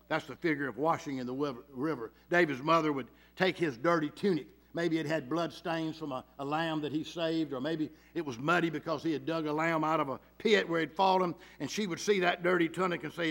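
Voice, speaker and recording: High, gravelly-voiced man preaching. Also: moderate pace. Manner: swings from loud emphatic to hushed; acts out quoted voices in storytelling. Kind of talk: sermon.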